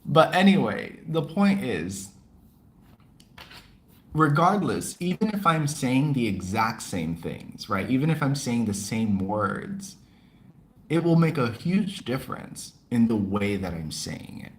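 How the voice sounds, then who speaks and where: A man's voice: medium pitch, very animated, slow pace. A man hosting a livestream podcast in a casual, talkative way. He laughs often and answers viewers' comments as he goes.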